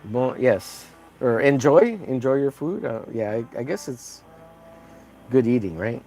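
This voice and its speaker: A man's voice: mid-range voice, sing-song, a little slow, dark tone, slight background noise. A man chatting casually on a livestream while painting, rambling and joking at his own expense. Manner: rambling, jokey, self-deprecating. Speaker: livestreaming artist.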